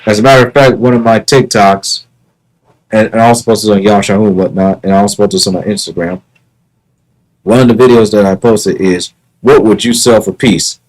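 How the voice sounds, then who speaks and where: A man's voice: lowish voice, fairly even intonation, a little fast, darkish tone, rough recording. A man talking casually on his own livestream, earnest and repetitive, often restarting his words. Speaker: live streamer.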